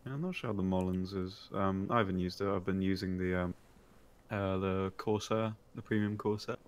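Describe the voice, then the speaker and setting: A man co-hosting a gaming podcast, speaking hesitantly with many pauses and ums in casual chat. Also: low-pitched, fairly even intonation, clean tone, highs cut off. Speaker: podcast co-host.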